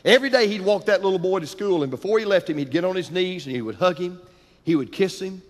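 A man preaching a sermon, telling a story dramatically, building intensity and dropping to hushed tones, in a church. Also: sits high, expressive, fast talker. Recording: long hall reverb.

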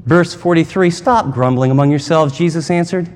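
A man's voice: on the high side, normal speed, darkish tone. A man preaching a sermon as pastor, emphatic and conversational, with dramatic asides. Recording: long hall reverb.

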